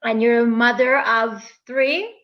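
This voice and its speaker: A woman's voice: a little high, measured pace. A woman with an American accent hosting a casual podcast interview, chatty and gushing, with many fillers and restarts. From United States. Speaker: podcast host. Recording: dull lo-fi recording.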